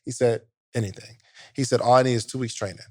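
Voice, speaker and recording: A man's voice: mid-range voice, rapid-fire, dry recording, studio quality. A man co-hosting a podcast, casually retelling a story with lots of quoted back-and-forth and street slang. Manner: animated retelling with quoted dialogue, slang-heavy. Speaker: podcast co-host.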